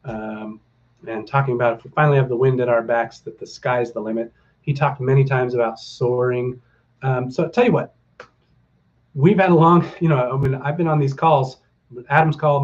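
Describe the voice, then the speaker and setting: A man's voice: medium pitch, steady tone, normal speed, a little mellow, lo-fi sound. A middle-aged man hosting a casual livestream for his viewers, rambling and upbeat, with lots of fillers and a rallying tone. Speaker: stock market livestream host.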